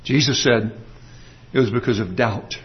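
A man preaching a sermon, explaining a passage earnestly and slowing down to stress his points. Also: medium pitch, lo-fi sound. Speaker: pastor.

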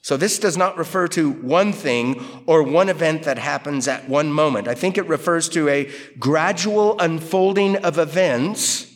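Male preacher, slightly higher register, conversational expository style, emphatic, rhetorical questions. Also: measured pace, hardly any pauses. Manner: lively, emphatic delivery. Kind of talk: expository Bible teaching.

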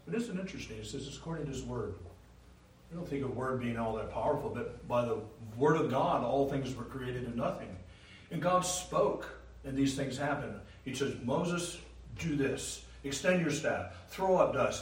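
A man preaching a sermon, emphatic, rising to loud declarations and dropping low again. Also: expressive, moderate pace. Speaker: pastor. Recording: roomy, from a distance, faint hiss.

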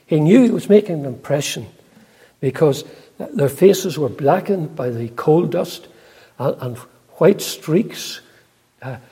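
An older man preaching a sermon in a church, earnest and unhurried, with frequent hesitant pauses. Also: on the high side, expressive, mellow, husky. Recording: long reverb in a large hall.

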